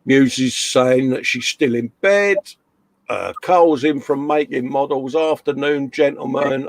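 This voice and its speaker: A man's voice: mid-range voice, a little mellow, dry recording. Chatty man hosting a live stream. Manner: chatty, jokey, greets viewers by name. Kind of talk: casual chat reading out viewer comments.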